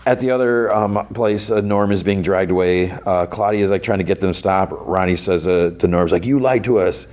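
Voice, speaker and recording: A man's voice: sits low, steady tone, moderate pace, hardly any pauses, darkish tone. A man hosting a podcast, retelling an episode in a casual, rambling way full of "like" and restarts. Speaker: podcast host.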